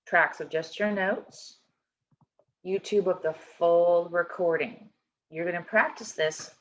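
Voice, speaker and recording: A woman teaching a choir lesson over a video call, explaining a score step by step and often checking in with "okay?". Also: on the low side. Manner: encouraging, instructive, checks in with "okay?". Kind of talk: online music lesson. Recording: dull lo-fi video call audio.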